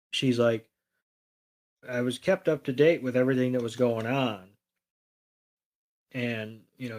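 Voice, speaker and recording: A man co-hosting a podcast, casually retelling a cartoon episode with frequent ums and acted-out quotes. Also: medium pitch. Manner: relaxed retelling with many ums and quoted lines. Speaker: podcast co-host.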